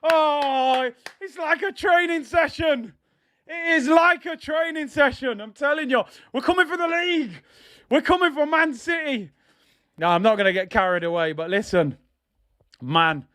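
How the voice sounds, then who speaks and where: Male host, high clear voice, hyped live match commentary with taunts and shouts. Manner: excitable, shouts at big moments, taunts opponents. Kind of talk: live football watch-along commentary.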